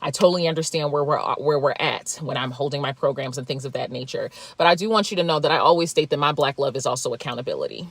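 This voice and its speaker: A woman who founded mental health programs, speaking in a measured, hesitant way with pauses and fillers. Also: low voice, no echo. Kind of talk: recorded clip speaking to camera.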